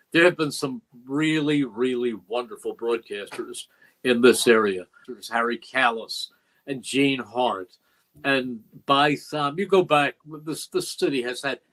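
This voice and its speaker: Recorded on low-quality audio, this veteran radio play-by-play man, now older, reflects earnestly in an interview, spinning stories and performing the dialogue he quotes. He has a medium-pitched, fairly bright voice.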